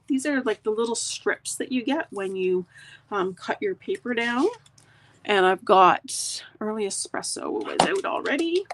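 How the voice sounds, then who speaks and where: A middle-aged woman with a medium-pitched voice demonstrates a craft project step by step, chatting casually with live viewers as she works. There's noticeable background noise.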